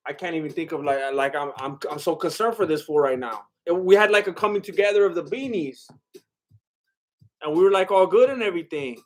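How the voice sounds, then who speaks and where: A man's voice: a little high, fairly quick. A man with a Mexican-American accent chatting casually on a live stream, rambling with lots of fillers and laughter.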